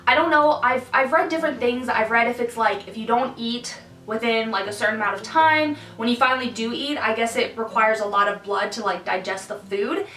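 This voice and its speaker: A young pregnant woman chatting casually to her viewers, full of "like" and quick asides. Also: a little high, reverberant, far from the mic, rough recording. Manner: chatty, lots of "like", animated asides. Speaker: vlogger. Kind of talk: casual pregnancy update vlog. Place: hot room indoors.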